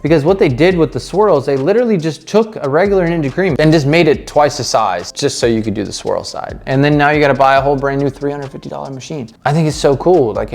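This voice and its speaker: A man hosting a casual on-camera chat and taste test, excitable and hyped, swearing freely. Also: mid-range voice, gravelly. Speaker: host.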